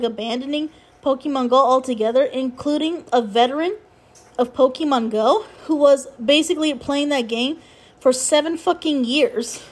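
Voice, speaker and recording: A woman hosting her own podcast, rambling casually about mobile games, cursing freely, with exasperated asides. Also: sits high. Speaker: podcast host.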